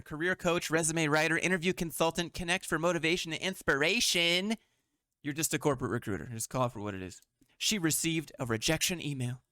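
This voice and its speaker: A man's voice: a little high, bright, forceful tone, no room sound, clean studio sound. A man hosting a commentary show, reading memes aloud and mocking them bluntly, swearing often. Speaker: host. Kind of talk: sarcastic meme commentary.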